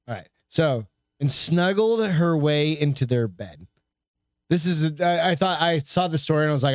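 A man's voice: fairly high pitch, lively intonation, moderate pace, no echo, studio quality. A man co-hosting a casual podcast, swearing freely and stumbling as he reads a news story aloud. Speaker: podcast co-host. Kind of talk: casual chat.

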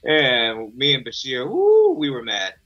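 A man with a bright, forceful voice chats easily as an actor in an interview. His delivery is relaxed and conversational. The recording has a dull, lo-fi sound. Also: medium pitch, a little slow, slightly rough. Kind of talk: casual interview anecdote.

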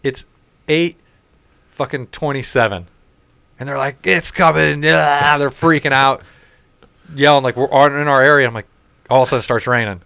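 A man's voice: mid-range voice, fairly quick, pauses often, dry recording. A man telling stories in casual chat, swearing freely and acting out what others said. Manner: profane, animated storytelling with quoted voices. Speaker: storyteller in casual conversation.

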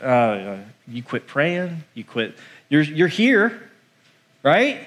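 A male pastor preaching a sermon in an animated, conversational way, acting out the voices he quotes. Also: mid-range voice, slow.

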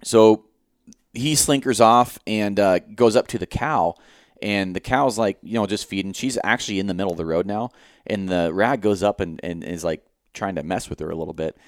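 Deep smooth-voiced man telling a hunting story. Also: moderate pace, dry recording, clean studio sound. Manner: animated storytelling, swears freely, acts out his own thoughts. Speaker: podcast co-host.

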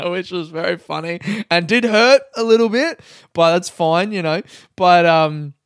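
A young man hosts a solo podcast, rambling casually, swearing, and laughing at himself in self-mocking asides. Close to the mic, his voice sits high, clear and resonant, at a moderate pace, with studio quality and no room sound.

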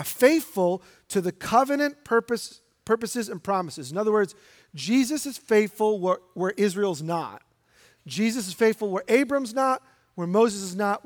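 A man, a pastor, preaching a sermon in an emphatic, direct way and putting questions to the congregation. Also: sits high. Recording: long hall reverb.

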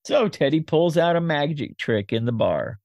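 A man hosting a podcast, summarizing a movie plot scene by scene in a steady, informal way. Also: fairly high pitch, normal speed, dry recording.

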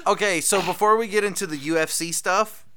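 A man's voice: sits high, brisk, bright, forceful tone. A man co-hosting a casual podcast, easygoing and self-deprecating. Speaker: podcast co-host. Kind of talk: casual chat.

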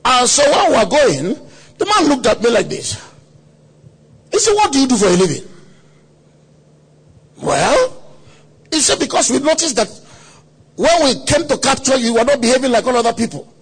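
A man preaching a sermon at a conference, telling a story dramatically with quoted voices and sudden shouts. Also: extremely high pitch, big pitch swings, normal speed, pauses often, husky. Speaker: pastor. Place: conference hall.

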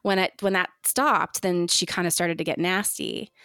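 A woman telling her own story in casual conversation, candid and animated, now and then slipping into the voices of the people she quotes. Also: lowish voice, normal speed, no room sound, studio quality. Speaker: guest sharing her story.

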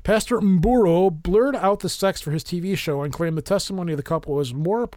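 A man's voice: high voice, a little fast, darkish tone, dry recording, clean studio sound. Self-mocking man reading news on a podcast. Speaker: paranormal podcast host. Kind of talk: casual podcast chat, reading news articles aloud.

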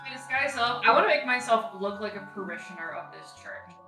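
Woman, tabletop player, bright higher voice, chatty, echoey room, off-mic. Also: expressive, music in the background. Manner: chatty, quick, laughing. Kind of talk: tabletop game play. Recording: roomy, distant from the mic.

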